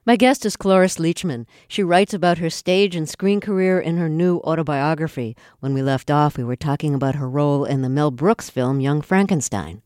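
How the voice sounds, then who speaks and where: Smooth-voiced woman radio host. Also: deep voice, a little mellow, no room sound, clean studio sound. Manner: measured, attentive questioning. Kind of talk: radio interview.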